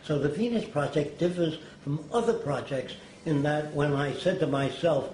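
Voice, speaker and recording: A man's voice: on the high side, moderate pace, few pauses, a little mellow. Elderly man telling stories in an echoey room. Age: older. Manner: emphatic, acts out quotes. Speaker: interviewee. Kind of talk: anecdotal storytelling. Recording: roomy echo, faint noise.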